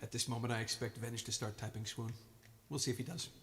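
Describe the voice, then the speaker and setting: A man's voice: medium pitch, fairly even intonation, quick pace, a bit bright, long reverb tail, slight background noise. Rambling man chatting on a live stream. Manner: rambling, playful, stumbles over words. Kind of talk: casual live-stream chat.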